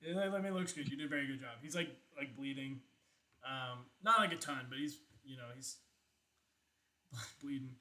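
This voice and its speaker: A man's voice: medium pitch, moderate pace, bright, forceful tone. A man narrating as game master of a tabletop game, chatty, with many fillers and laughs.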